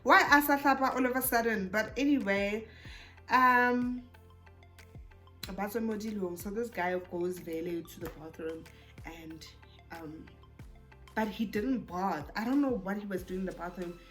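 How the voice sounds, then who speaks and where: A young woman with a South African accent tells a personal story straight to camera. Her voice is mid-pitched and lively, and she slips between languages and jumps up into exasperated outbursts. Faint music plays underneath. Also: unhurried, pauses often. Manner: animated, code-switching, rising into exasperated bursts. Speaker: YouTuber. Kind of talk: storytime vlog.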